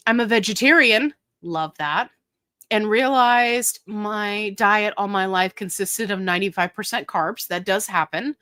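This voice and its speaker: A woman's voice: mid-range voice, bright, forceful tone, dry recording. A woman hosting a casual livestream, chatting straight to her viewers and answering their questions, laughing often. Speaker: host of a livestream.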